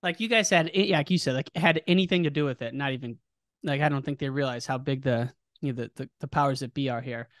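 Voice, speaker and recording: A man's voice: mid-range voice, fairly bright tone, no room sound, studio quality. A man hosting a podcast, asking a guest questions in a casual, hyped-up way. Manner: hyped, cheers the guest on, quick follow-up questions. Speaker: podcast host. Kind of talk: casual interview chat.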